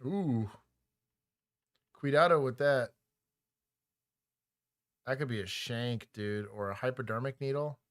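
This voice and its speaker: A man's voice: mid-range voice, takes it slowly, pauses often. A man from Texas, a former cop hosting a livestream, joking casually and explaining police procedure.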